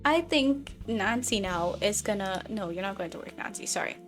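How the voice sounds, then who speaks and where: A woman's voice: medium pitch, expressive, moderate pace, fairly bright tone, faint music behind. A woman giving casual, playful let's-play commentary on a life-simulation game, chatting and laughing often. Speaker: gaming video creator.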